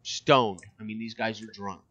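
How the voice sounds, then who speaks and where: A man's voice: lowish voice, fairly even intonation, normal speed, fairly bright tone, a little hiss or hum. A man narrating as game master of a tabletop role-playing game, loose and full of filler words. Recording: muffled lo-fi audio.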